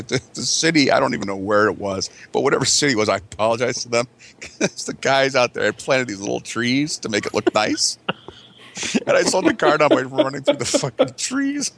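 A man's voice: medium pitch, a bit bright, a little hiss or hum. A man from the US Midwest telling a crude, exaggerated story for laughs among friends. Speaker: podcast regular.

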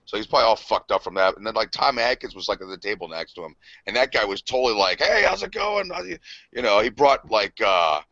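A man co-hosting a podcast, telling crude stories fast and quoting other people in casual profane chat. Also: on the low side, bright, forceful tone, no room sound. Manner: crude, fast storytelling with quoted voices. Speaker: podcast co-host. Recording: dull lo-fi sound.

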